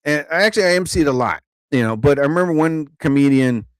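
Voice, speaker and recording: A man hosting a live stream, telling rambling stand-up stories casually, laughing often and jumping into higher voices to act out quotes. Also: lively intonation, fast, clean tone, no echo. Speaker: live show host, comedian.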